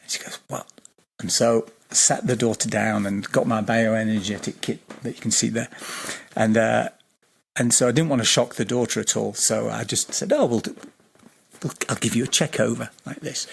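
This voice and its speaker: A man's voice: mid-range voice, fairly quick, gravelly, slight background noise. A middle-aged man, a guest, telling a long anecdote in a rambling, hesitant way with many fillers and restarts. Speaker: guest, geobiologist and healer. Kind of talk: anecdotal storytelling in an interview.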